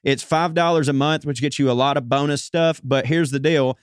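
Smooth-voiced man chatting casually. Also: on the high side, fairly even intonation, moderate pace, no echo, studio quality. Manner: casual, chatty, plain-spoken. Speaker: podcast guest, comedian. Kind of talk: casual chat.

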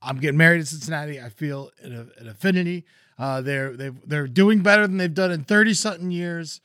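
A man with a fairly high voice trades jokes on a casual podcast. He is loud and playful and often stammers into restarts. His voice sounds close and dry, with no room around it. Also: brisk, no echo. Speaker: podcast co-host. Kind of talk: casual comedic chat.

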